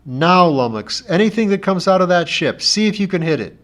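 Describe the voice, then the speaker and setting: A man's voice: high-pitched, animated, a little fast, a bit bright, voice pushed up. A man reading aloud who voices a brave, stubborn teenage boy in a grim, determined way. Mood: defiant.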